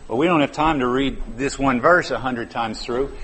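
A man's voice: mid-range voice, normal speed, fairly bright tone, breathy edge. Man preaching in a reverberant church. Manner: conversational, stretches key words for emphasis. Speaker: pastor. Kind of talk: sermon. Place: church sanctuary.

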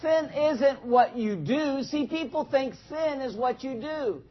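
High-voiced, slow-talking preacher man. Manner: asks the congregation questions, acts out little scenes. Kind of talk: conversational sermon. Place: church in front of a congregation. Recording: dull lo-fi sound.

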